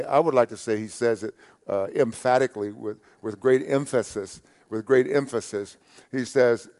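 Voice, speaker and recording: A man with a mid-range voice preaches a sermon, repeating key phrases with emphasis. He grows loud when quoting scripture and goes soft at the ends of phrases.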